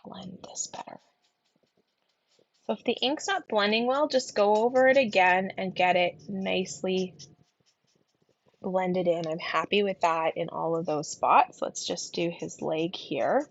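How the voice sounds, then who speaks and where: A woman teaching a card-colouring class in casual tutorial narration, her voice gravelly from a lingering cough, often dropping into soft murmurs as she works. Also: fairly low pitch, a little slow, highs cut off. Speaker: card-making instructor.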